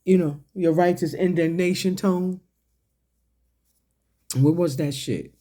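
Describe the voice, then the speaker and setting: Slow, mellow-voiced man ranting. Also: high-pitched. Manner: confrontational, profane, mocking; slow, deliberate delivery with pointed questions. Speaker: online commentator. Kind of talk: ranting commentary to camera.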